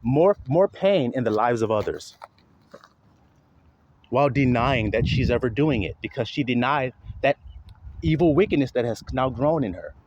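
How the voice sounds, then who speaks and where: A man's voice: medium pitch, lively intonation, normal speed, a little mellow, dull audio, a little hiss or hum. A man delivering an impassioned spoken monologue, preachy and blunt, swearing freely and slipping into mocking sarcasm. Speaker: online commentator; father.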